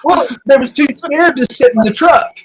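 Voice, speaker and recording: A man's voice: very high voice, normal speed, low-quality recording. A man with an Oklahoman accent, telling a story as a podcast guest in a rambling, folksy way. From Southwest Oklahoma. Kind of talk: casual storytelling.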